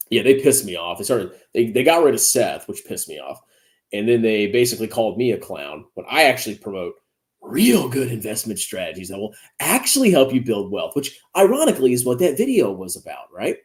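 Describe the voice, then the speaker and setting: A man's voice: medium pitch, very animated, brisk, a little mellow. A man in his thirties giving sarcastic reaction commentary as a finance YouTuber, mocking his rivals and laughing often. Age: 30s.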